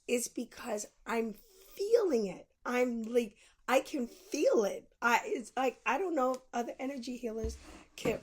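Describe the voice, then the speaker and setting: A woman's voice: a little high, breathy edge. A woman podcast host telling a personal story in a candid monologue, acting out both sides of the conversations she recounts.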